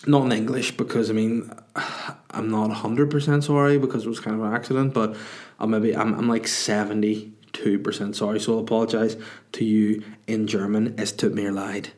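A man's voice: lowish voice, level tone, normal speed, darkish tone. A man hosting a podcast, answering listener questions in a rambling, crude, self-mocking way. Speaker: podcast host and comedian. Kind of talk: casual chat.

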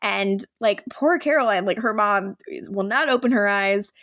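A young woman co-hosting a podcast, recapping a TV episode in an animated, casual way that is full of "like". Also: mid-range voice, moderate pace. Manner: animated storytelling, acts out quoted lines, frequent "like". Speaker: podcast co-host.

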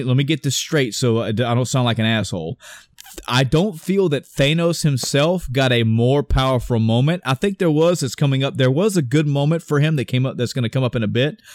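Man, excitable movie recap, lots of swearing, mid-pitched voice, dry close sound. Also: no echo. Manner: excited, profane storytelling, acts out his reactions. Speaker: podcast co-host. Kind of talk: casual movie recap chat.

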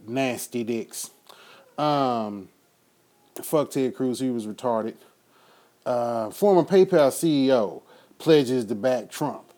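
Male host, mid-range voice, loud profane rants delivered straight to his audience. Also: mid-range voice. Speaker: podcast host. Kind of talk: profane political rant.

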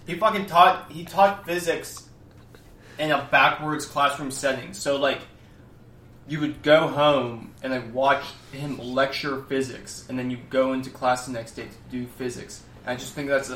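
A young man drones through a mundane story in a deadpan, meandering way, stacking filler words as he goes. His voice sits a little back from the mic in an echoey room with faint ambient hiss underneath. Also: medium pitch, distant mic. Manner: rambling, deadpan step-by-step storytelling with many fillers. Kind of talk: casual chat.

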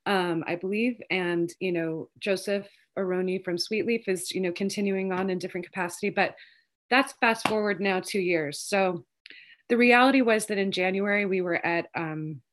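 A woman, a lawyer and advocate, talking quickly in a casual interview, rambling with many ums and you-knows. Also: medium pitch, fairly bright tone. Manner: fast, rambling, many fillers.

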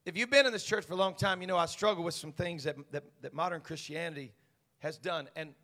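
A man, a senior pastor, preaching a Pentecostal sermon, dropping to quiet asides and then climbing to shouted proclamation. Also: on the high side, quick pace, big-room sound. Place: church sanctuary.

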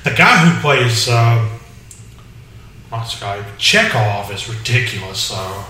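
A man co-hosting a casual podcast chat, talking in halting bursts with many fillers and restarts. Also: medium pitch, expressive, sharp tone, slight background noise. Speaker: podcast co-host. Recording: echoey room, mic far off.

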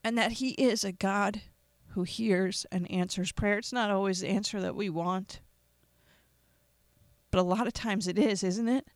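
A podcast host making an emotional, earnest gospel appeal in a preacherly way, with pauses and repetition. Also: medium pitch, steady tone, no room sound.

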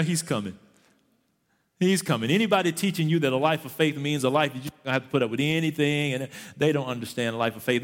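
A man preaching a sermon as pastor, pressing his congregation to keep going, and now and then mimicking whiny excuses. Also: mid-range voice. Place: church sanctuary. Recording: long church reverb.

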